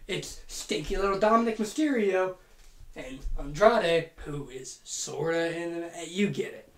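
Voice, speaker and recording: A woman's voice: lowish voice, normal speed, a little hiss or hum. Profane, playful woman in an echoey room. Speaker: podcast host. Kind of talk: casual fantasy-booking monologue. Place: home room.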